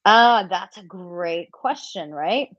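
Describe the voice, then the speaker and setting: A woman's voice: fairly low pitch, animated, takes it slowly, no echo, lo-fi sound. A woman dating coach answering viewer questions in a live Q&A, candid and chatty, acting out example lines.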